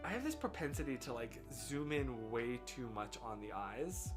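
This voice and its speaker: A man's voice: mid-range voice, expressive, moderate pace. Rambling self-deprecating American man. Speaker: live streamer. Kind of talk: casual live-stream chat. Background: faint lo-fi music.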